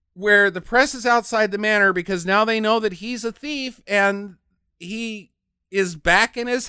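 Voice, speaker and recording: Bright and forceful, this man's high voice carries a profane, casual movie recap on a podcast he co-hosts. He rants, mocks, and slips into silly voices for the characters, all captured in clean, studio-quality audio with no room sound.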